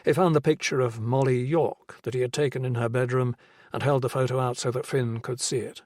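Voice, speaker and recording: A man narrating a crime novel audiobook in a measured, even storytelling voice. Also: medium pitch, no room sound, clean studio sound. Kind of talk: scripted narration.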